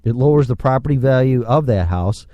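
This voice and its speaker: A man's voice: medium pitch, animated, a little fast, dark tone, dry recording, lo-fi sound. A man hosting a solo podcast, ranting sarcastically and swearing freely into a microphone. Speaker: podcast host. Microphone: studio microphone.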